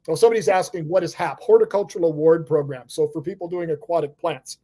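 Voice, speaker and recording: A man's voice: a little high, fast, warm tone. A middle-aged man hosting a live-stream chat over a video call, rambling casually with frequent chuckles. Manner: rambling, chuckles often, friendly banter. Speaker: host of live aquarium club discussion.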